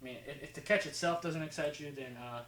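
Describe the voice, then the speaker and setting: A man's voice: on the high side, quick pace, fairly bright tone, reverberant, a little hiss or hum, poor audio. Casual rambling man with slight New Jersey accent. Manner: rambling, casual, fillers and restarts. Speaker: football film breakdown host. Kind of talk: casual commentary over game film.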